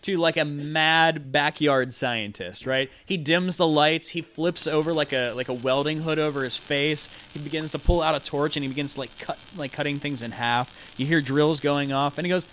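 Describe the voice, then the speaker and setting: A man's voice: on the high side, normal speed, few pauses, fairly bright tone, slight background noise. A man narrating as game master of a tabletop game, rambling with lots of fillers.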